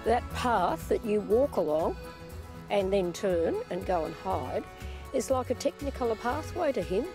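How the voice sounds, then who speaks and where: A woman's voice: medium pitch, expressive, measured pace. A woman, a dog trainer giving matter-of-fact, confident instructions outdoors. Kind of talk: casual instruction. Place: outdoors in a field. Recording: music playing underneath.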